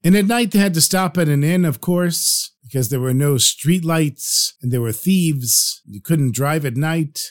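A man's voice: fairly high pitch, measured pace, hardly any pauses. A man narrating a story aloud, acting out the characters with feeling. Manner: expressive, acts out characters' pleas.

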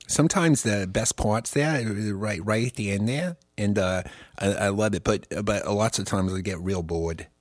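A man voicing a folksy, slow-talking dog-loving character in a drawling accent-like voice, quieter and lower than his own. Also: no room sound, clean studio sound. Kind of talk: improvised comedy character.

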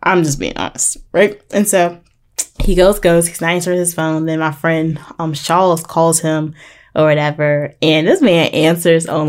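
Young woman chatting to her viewers, kinda low voice, animated, says y'all a lot. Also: normal speed. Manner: animated, chatty, addresses viewers as y'all, jumps up high when excited. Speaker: vlogger giving relationship advice. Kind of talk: casual storytelling to viewers.

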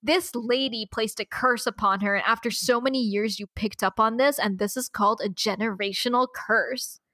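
A woman's voice: on the high side, steady tone, moderate pace, sharp tone, no echo. A woman mimicking a sweet-talking psychic scammer. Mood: coaxing. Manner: soothing, persuasive sales patter.

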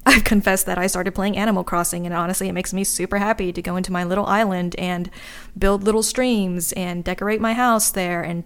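A woman hosting a casual video chat, speaking frankly and drifting into side notes. Her voice is smooth and clear, pitched in an ordinary middle range. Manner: candid, chatty, wandering asides.

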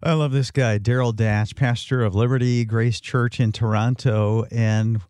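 A man hosting an interview, friendly and brisk, keeping the conversation moving. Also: mid-range voice, steady tone, a little mellow. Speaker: radio show host.

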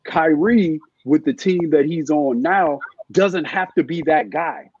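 A middle-aged man talking basketball as a podcast guest, halting and restarting often with many fillers. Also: a little high, darkish tone, husky, lo-fi sound. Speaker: guest, former NBA scout. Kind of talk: casual podcast chat.

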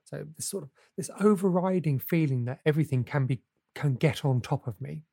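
A man's voice: fairly high pitch, a little fast, gravelly, dark tone, husky, no room sound, studio quality. A man hosting a podcast, asking curious, reflective questions with a few fillers. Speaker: podcast host. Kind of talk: podcast interview.

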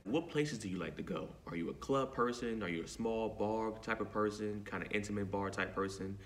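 A man co-hosting a podcast, reading a sponsor ad in a playful, boastful, joking way. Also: a bit bright. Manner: boastful, joking, plays up the pitch with mock quotes. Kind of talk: playful ad read.

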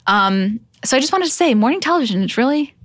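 Animated young woman podcast co-host. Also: high-pitched, quick pace, dry recording. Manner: animated, emphatic, swears casually. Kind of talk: casual pop culture chat.

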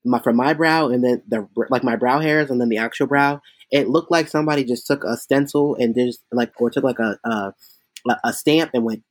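A man who performs as a drag queen, telling chatty, animated stories in a casual interview, with lots of fillers. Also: mid-range voice, normal speed, dry recording.

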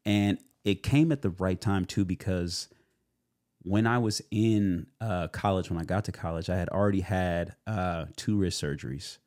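A young adult man, a guest in a casual interview, telling his story in an animated way with lots of fillers and acted-out quotes. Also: low-pitched, normal speed, no echo, studio quality. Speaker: guest, actor.

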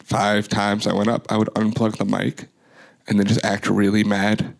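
A man's voice: lowish voice, completely flat delivery, normal speed, creaky. A young man telling a long, rambling story as an interview guest, filling his talk with "like". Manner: loose, rambling, heavy use of "like". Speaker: guest, DJ and music producer.

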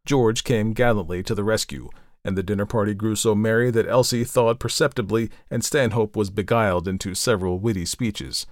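Low-voiced man reading a classic novel. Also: brisk, no room sound, studio quality. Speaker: audiobook narrator. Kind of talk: scripted narration of a classic novel.

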